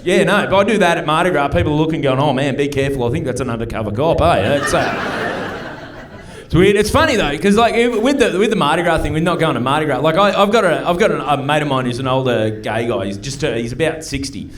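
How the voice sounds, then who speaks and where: A man's voice: fairly high pitch, a little fast, a bit bright. Middle-aged Australian man doing stand-up. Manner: chatty, punchy storytelling with mock voices. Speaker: stand-up comedian. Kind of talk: stand-up comedy set. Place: comedy club stage before a live audience.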